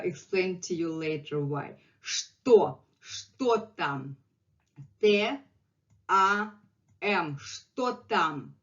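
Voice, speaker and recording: A middle-aged woman with a Russian accent teaching a language lesson, patiently repeating words for learners, recorded with dull lo-fi sound. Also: mid-range voice.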